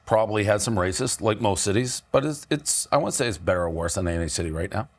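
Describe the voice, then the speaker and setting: A man's voice: lowish voice, lively intonation, fast. A man with a Boston accent in casual comedic banter, skeptical and pushing back on his co-host.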